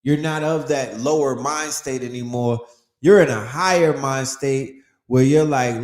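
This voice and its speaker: A man's voice: medium pitch, takes it slowly, long pauses, darkish tone. Emphatic slang-heavy man in an echoey room. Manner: preachy and emphatic, heavy slang and profanity, repeats phrases for effect. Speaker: podcast host. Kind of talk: casual motivational monologue.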